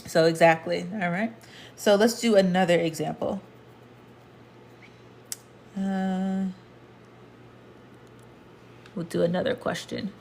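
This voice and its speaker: Low-voiced woman teaching a language lesson. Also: steady tone, slow, creaky, long pauses, darkish tone, slight background noise. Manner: explains patiently, repeats points, talks to the viewer. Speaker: Spanish teacher.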